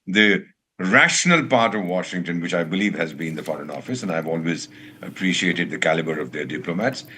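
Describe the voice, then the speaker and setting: Deep-voiced older male diplomat. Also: lively intonation, bright, forceful tone, slight background noise. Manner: measured, articulate, formal. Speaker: former ambassador, debate guest. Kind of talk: live TV news debate.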